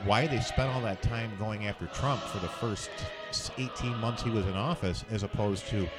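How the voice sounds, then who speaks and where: Brief: lowish male voice, halting measured talk, music bed under it. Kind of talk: casual political chat.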